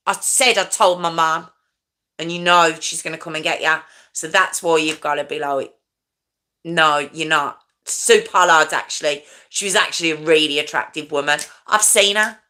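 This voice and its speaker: A woman's voice: mid-range voice, bright, forceful tone. A woman hosting a live stream, chatting casually with her viewers and answering their comments, laughing often.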